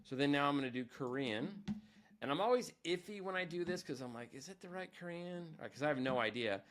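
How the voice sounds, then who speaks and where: A man's voice: medium pitch, expressive, quick pace, a bit bright. A man, a teacher, giving a casual screen-recorded tutorial, chatty and self-deprecating, thinking aloud as he goes.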